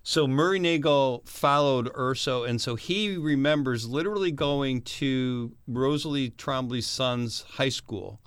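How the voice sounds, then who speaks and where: A man's voice: medium pitch, measured pace, hardly any pauses, fairly bright tone, clean tone, no echo. A man co-hosting a casual chat, filling in background with conversational fillers. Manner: conversational, filler-heavy, explanatory.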